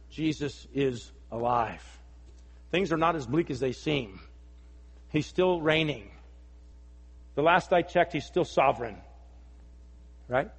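A man preaching a sermon as pastor, earnest and emphatic, rising in force and then dropping to soft appeals, in a church. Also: a little high, slightly rough. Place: church sanctuary. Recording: long reverb of a large hall.

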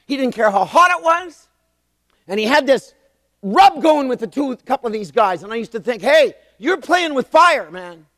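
Older male pastor in his sixties, animated storyteller with a wide-ranging pitch, close dry mic. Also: normal speed, no room sound, big-room sound. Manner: animated storytelling, emphatic repetition. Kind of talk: sermon.

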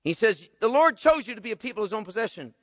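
A man delivers an expository sermon in a high, bright voice. He moves between quiet, low-voiced explanation and loud, emphatic bursts. The sound is slightly muffled and carries a long reverb from a large hall. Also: sing-song, quick pace. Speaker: preacher.

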